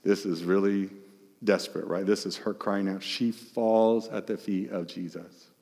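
A male pastor preaching a sermon, asking the congregation questions, emphatic and shifting between loud and hushed. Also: deep voice, fairly even intonation, measured pace, gravelly, big-room sound.

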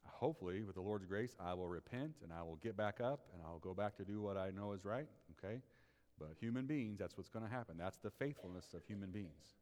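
A man pastor delivering a sermon, moving between quiet confiding talk and loud, rising preaching. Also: on the low side, lively intonation, a little fast. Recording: reverberant hall.

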